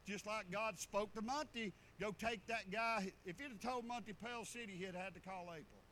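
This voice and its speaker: A middle-aged pastor preaches in a high, bright voice, telling homespun stories in a folksy way. Faint noise sits under the recording. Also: male voice, normal speed, low-quality recording. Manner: folksy storytelling preaching with rural dialect. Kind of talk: sermon.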